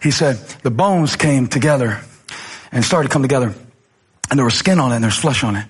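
A man preaching a sermon as pastor, animated, moving between loud passages and quiet ones. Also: medium pitch, fairly quick, breathy edge.

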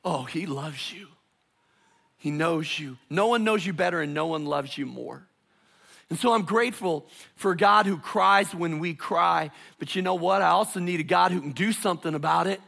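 A man preaching a sermon as pastor, delivering it dramatically, dropping to hushed tones and rising to loud calls. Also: fairly high pitch, normal speed, creaky.

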